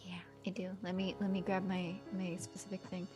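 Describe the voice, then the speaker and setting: A woman's voice: on the low side, completely flat delivery, brisk, darkish tone, soft background music. A woman playing a tabletop game, describing her character's actions casually with lots of fillers. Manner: chatty, with many fillers. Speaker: player. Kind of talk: casual role-play chat.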